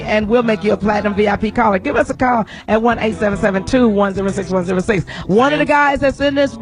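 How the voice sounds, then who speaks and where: A woman hosting a radio talk show, bantering and laughing loudly with her co-hosts in a studio. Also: a little high. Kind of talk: loud, joking radio talk.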